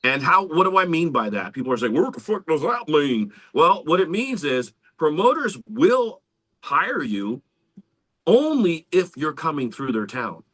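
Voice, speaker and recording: A man, co-hosting a podcast in casual, animated talk. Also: fairly high pitch, measured pace. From Central Florida, US. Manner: animated, swearing, lively storytelling. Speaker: podcast co-host, band member.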